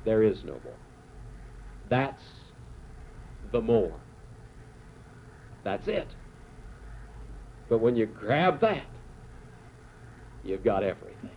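A man's voice: fairly low pitch, big pitch swings. Dramatic preacher man, tinny sound. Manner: dramatic storytelling with slow emphatic phrases. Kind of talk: sermon. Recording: tinny phone-like sound with faint noise.

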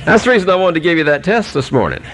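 A male preacher telling a humorous animal story in a folksy, unhurried sermon, with many pauses and fillers. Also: fairly high pitch, very animated, over music.

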